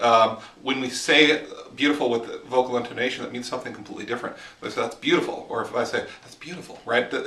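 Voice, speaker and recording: Guy giving a casual writing lesson on a walk, bright tense voice, kinda far off the mic with a roomy sound. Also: mid-range voice. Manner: talks while walking, informal and explanatory. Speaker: writing teacher. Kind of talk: casual teaching monologue. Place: outdoors in the woods. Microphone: handheld camera mic.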